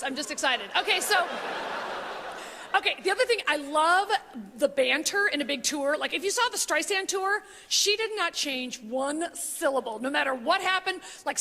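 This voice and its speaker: A man putting on a brash female comic with a very high, bright voice that leaps all over the place. She gushes and squeals through a gossipy story, and the voice rings in an echoey hall. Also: a little hiss or hum, exaggerated voice. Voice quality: giddy, rapid, squealing. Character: brash gossipy female comedian telling backstage stories. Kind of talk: stand-up parody monologue.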